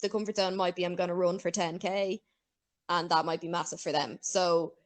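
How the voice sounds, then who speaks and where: A woman's voice: lowish voice, steady tone, moderate pace. A woman with an Irish accent hosting a podcast in casual chat, talking freely, swearing and laughing often. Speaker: podcast host.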